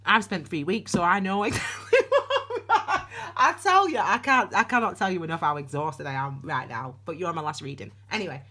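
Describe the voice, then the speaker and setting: A woman's voice: on the low side, very animated, moderate pace, pushed and bright. A woman giving a casual, rambling tarot reading, with frequent restarts and asides. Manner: chatty, rambling, with many restarts and voiced asides. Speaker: tarot reader.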